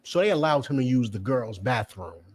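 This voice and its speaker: With a medium-pitched, slightly rough voice and lively intonation, a preacher and teacher delivers a fiery lecture at normal speed. He's emphatic and profane, repeats his points, and puts questions straight to his listeners.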